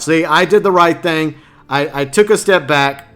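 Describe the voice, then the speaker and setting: Bright-voiced man chatting on stream. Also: on the high side, moderate pace, smooth. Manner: rambling, talks to chat with many restarts. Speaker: live streamer playing an online game. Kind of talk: casual gaming stream chat.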